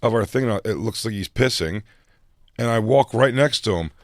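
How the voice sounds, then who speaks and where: A man's voice: fairly low pitch, normal speed, no echo. A man in casual studio chat, telling a rambling story and acting out the people in it. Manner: rambling, animated storyteller who acts out voices. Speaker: comedian guest.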